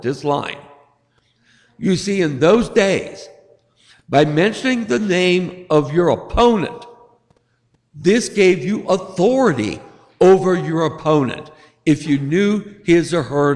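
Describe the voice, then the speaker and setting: A male pastor giving a sermon, telling stories and acting out voices with rising emphasis. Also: on the high side. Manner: storytelling preacher, acts out voices with rising emphasis. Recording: long hall reverb.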